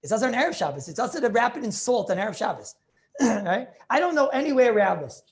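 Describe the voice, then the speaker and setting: A man's voice: very high voice, big pitch swings, fast talker. A man teaching a class as a rabbi, lecturing on religious law, emphatic and thinking aloud as he questions his students over a video call.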